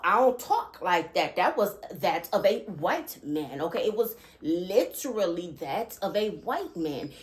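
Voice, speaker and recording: A woman hosting her own channel, talking earnestly about spiritual experiences and often checking in with listeners by asking "okay?". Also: mid-range voice. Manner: animated and emphatic when recounting disturbing thoughts. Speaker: channel host. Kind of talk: earnest spiritual vlog talk.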